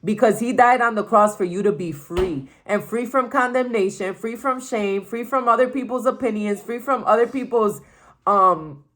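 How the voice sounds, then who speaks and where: A woman's voice: on the high side, moderate pace, fairly bright tone. A young woman sharing a personal faith testimony in a casual, emphatic way, repeating phrases and saying "like" often.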